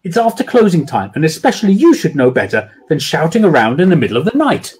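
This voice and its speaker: A man's voice: a little high, big pitch swings, fast talker, darkish tone, slightly rough, full character voice. A man doing a prying village neighbour. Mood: questioning. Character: nosy village man searching for his dog.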